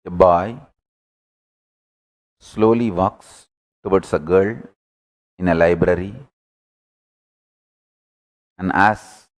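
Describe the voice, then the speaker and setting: A man giving a spiritual discourse as a teacher, deliberate and repeating key phrases for emphasis. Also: sits low.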